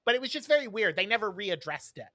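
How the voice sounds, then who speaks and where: Bright-voiced man recapping, full of ums. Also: high-pitched, sing-song, quick pace, no echo, studio quality. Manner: rambling, lots of ums and uhs. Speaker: podcast co-host. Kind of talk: casual chat, recapping an episode.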